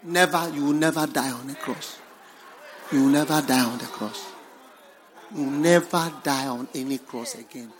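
A man playing a devoted male disciple who insists loudly and emphatically, repeating his protest. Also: mid-range voice, moderate pace, slight background noise, voice pushed down, lightly acted. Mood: insistent.

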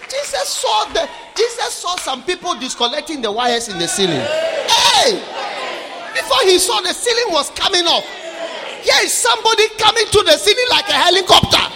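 Shouting high-voiced preacher. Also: male voice, moderate pace, background noise. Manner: shouting, animated, acts out Bible characters. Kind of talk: sermon. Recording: echoey hall with crowd.

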